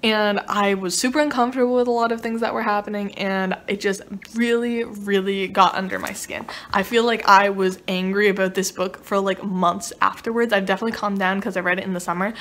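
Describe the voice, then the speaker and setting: A woman's voice: medium pitch, fairly even intonation, a little fast, few pauses, fairly bright tone. A young adult woman in college giving a casual, exasperated book review, emphatic and swearing, laughing between complaints.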